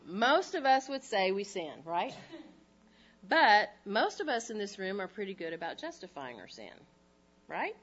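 A middle-aged woman gives Bible teaching to a room full of women. She talks in a lively, conversational way and keeps asking the room rhetorical questions. Her voice sits at a middle pitch, and the live recording sounds a little dull. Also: unhurried.

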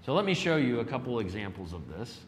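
A man teaching a Bible lesson in a measured, explanatory way, with occasional fillers as he looks up passages. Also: medium pitch, big pitch swings, big-room sound, a little hiss or hum.

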